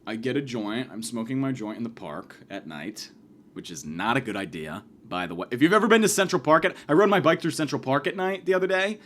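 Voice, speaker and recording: A man rambles through a crude comic story, restarting sentences and piling on swear words. His pitch swings widely as he acts out the people in it. He lets himself get loud when he quotes his own outbursts. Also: big pitch swings, brisk, a little hiss or hum. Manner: rambling, profane, self-mocking, acts out shouted quotes. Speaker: podcast host. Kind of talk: casual comedic storytelling monologue.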